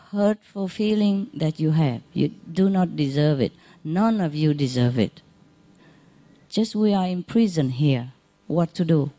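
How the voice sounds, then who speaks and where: Woman, spiritual teacher, informal talk, mellow tone, simple broken English, laughs a lot. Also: lowish voice. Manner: chatty, laughs often, repeats phrases, talks directly to listeners.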